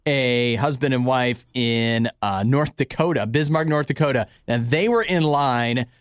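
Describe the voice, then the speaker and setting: A man's voice: medium pitch, measured pace, clean tone, dry recording, clean studio sound. A man hosting a radio show, telling news stories in casual banter with many "uh" fillers. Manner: relaxed storyteller with many "uh" fillers. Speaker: radio host.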